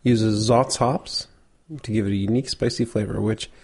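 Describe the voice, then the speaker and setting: A man co-hosting a casual beer tasting podcast, relaxed and explaining beer facts as he thinks aloud. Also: lowish voice, moderate pace, slightly rough. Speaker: podcast co-host.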